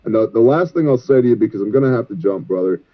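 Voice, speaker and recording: A man's voice: fairly low pitch, animated, quick pace. Earnest preaching man on a phone line. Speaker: disaster relief ministry leader. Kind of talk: guest interview over the phone.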